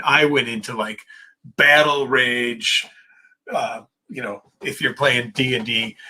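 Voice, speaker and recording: A man who is a clinical psychologist hosting a live Q&A, telling a story in a vivid, dramatic way with quick asides. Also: mid-range voice, sharp tone, breathy edge, rough recording. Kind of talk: animated personal storytelling.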